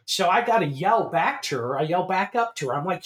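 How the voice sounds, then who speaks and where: A middle-aged man spins a rambling story for his co-hosts, his voice bright and sitting a little high for a man. He swears freely and laughs his way through the telling in an easy, casual chat. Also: brisk. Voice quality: animated, swearing, laughs while telling stories. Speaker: podcast co-host.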